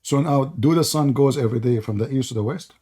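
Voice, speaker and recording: A man's voice: mid-range voice, fast talker, warm tone, breathy edge. A man hosting a live debate stream, talking in a sarcastic, laughing, sing-song taunting way, nearly losing his voice after hours of talk. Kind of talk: mocking live debate chat.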